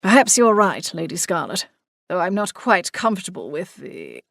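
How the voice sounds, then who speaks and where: A woman voicing a formal, bashful old-world gentleman ghost who gets flustered. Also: lowish voice, big pitch swings, moderate pace, gravelly, no echo, studio quality, exaggerated voice. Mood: polite.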